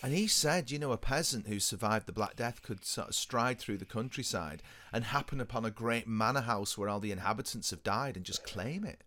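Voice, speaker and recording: A man's voice: mid-range voice, animated, fairly quick, few pauses, pushed and bright. A man in casual chat, musing thoughtfully and recalling things he has heard or read.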